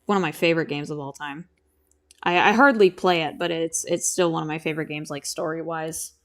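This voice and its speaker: A woman's voice: low voice, fairly even intonation, brisk. A young woman streaming from home, chatting casually and rambling as she answers her chat while she draws. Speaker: streamer and animator.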